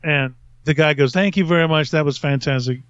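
This podcast host's voice is on the high side, brisk and clean in tone. He chuckles often while telling a long, meandering story, captured in a dry recording with dull lo-fi quality.

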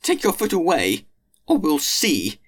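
A man voicing a small boy who pleads and insists in a high, shrill put-on voice, in an audiobook reading. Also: huge pitch swings, takes it slowly, vocal fry, exaggerated voice. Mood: menacing.

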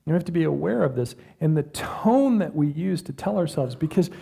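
A middle-aged man preaching a sermon in a conversational style, with dramatic pauses and moments of acted self-talk. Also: a little high, animated, creaky, warm tone, slightly rough. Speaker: pastor.

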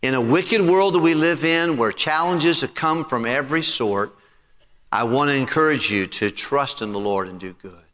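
Pastor, male, forceful bright tone, preaching sermon with call-and-response questions, church hall reverb. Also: mid-range voice, lively intonation, moderate pace. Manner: preaching with rising emphasis and congregational questions. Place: church sanctuary.

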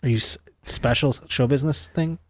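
A young man chatting casually on a podcast, relaxed and joking. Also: medium pitch, brisk, no echo, clean studio sound. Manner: joking, laid-back. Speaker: podcast guest. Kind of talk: casual chat.

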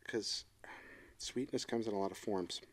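A middle-aged man co-hosting a casual chat, talking in a reflective, emotional and halting way. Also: fairly low pitch. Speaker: podcast co-host.

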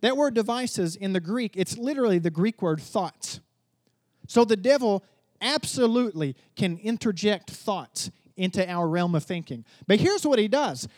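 Male pastor, high voice, dry close sound, casual storyteller with loud emphatic peaks. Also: expressive, moderate pace, dry recording. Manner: storytelling preacher, swings from hushed asides to loud emphatic declarations. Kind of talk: sermon.

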